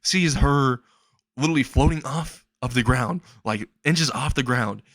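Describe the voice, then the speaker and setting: A man's voice: medium pitch, measured pace, fairly bright tone, no echo, clean studio sound. A young man improvising a comedic fan story, rambling and laughing at his own jokes.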